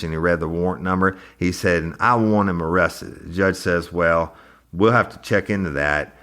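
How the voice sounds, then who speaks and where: A man's voice: low-pitched, normal speed, fairly bright tone. A man hosting a true crime podcast, retelling courtroom exchanges and acting out the quotes. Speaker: podcast host.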